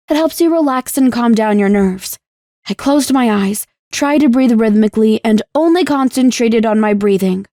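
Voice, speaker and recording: A young woman narrating a first-person animated story in a scripted, emotive storytelling delivery. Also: fairly high pitch, no echo, studio quality.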